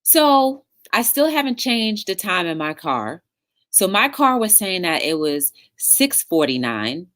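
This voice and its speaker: A woman's voice: mid-range voice, very animated, measured pace, fairly bright tone. A woman hosting a casual livestream talk show, chatting with viewers in the live chat and encouraging them.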